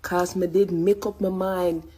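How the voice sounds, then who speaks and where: A woman reading scripture aloud in a deliberate, careful manner. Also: lowish voice, level tone, warm tone, slight background noise, low-quality recording. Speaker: reader.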